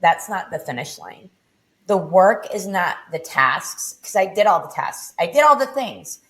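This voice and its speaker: This middle-aged podcast guest has a sing-song, fairly bright voice as she tells her own story with intensity and frequent cursing. Her delivery is low and deliberate.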